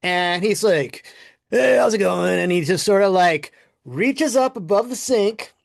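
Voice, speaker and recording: A man on a podcast telling a lively workplace anecdote in a casual, animated way, often quoting people and laughing. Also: high-pitched, unhurried, vocal fry, dry recording, clean studio sound. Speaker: podcast guest, former game producer. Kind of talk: casual storytelling.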